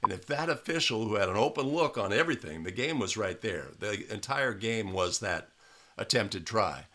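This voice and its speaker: A man's voice: lowish voice, lively intonation, moderate pace, sharp tone. A man in a studio reviewing game video for basketball officials, speaking emphatically and tagging points with "right?". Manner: emphatic, coaching tone with frequent "right?". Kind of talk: video analysis commentary.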